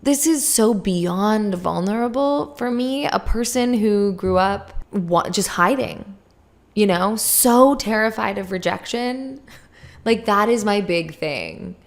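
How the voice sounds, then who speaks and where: A woman's voice: mid-range voice, animated, slow. Young woman on her solo podcast, rambly and open, keeps laughing mid-thought, dry mouth. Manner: candid, rambling, laughs often between thoughts. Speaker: podcast host.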